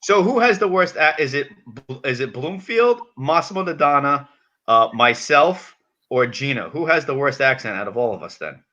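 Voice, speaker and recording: A man's voice: medium pitch, expressive, sharp tone. A man hosting a live show over video call, upbeat and bantering. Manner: upbeat, quick plugs and banter. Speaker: host. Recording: slightly dull lo-fi sound.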